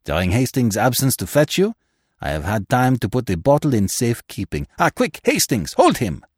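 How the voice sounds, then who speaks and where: A man voicing a calm middle-aged male detective in an audiobook reading, gentle, measured and grave. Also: medium pitch, husky, dry recording, clean studio sound. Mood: placid, explaining.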